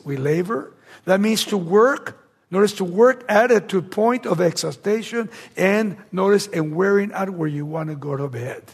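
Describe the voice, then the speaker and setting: A man preaching a verse-by-verse sermon, reading scripture slowly and repeating key words for emphasis. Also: sits high, vocal fry.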